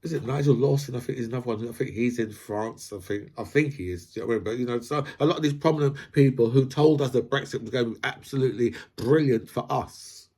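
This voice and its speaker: A man's voice: medium pitch, fast, hardly any pauses, darkish tone, breathy edge. A man hosts a casual commentary vlog. He rambles and builds his points through analogies, peppering his talk with "right?" and "you know". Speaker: host.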